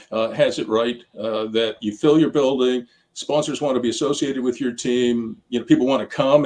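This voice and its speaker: A man's voice: medium pitch, darkish tone. An older man talks easily as an interview guest, spinning anecdotes in a chatty way. His voice sits in an ordinary middle range. He laughs lightly as he makes his points. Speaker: guest, sports team founder. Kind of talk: casual interview talk. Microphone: on camera, video interview.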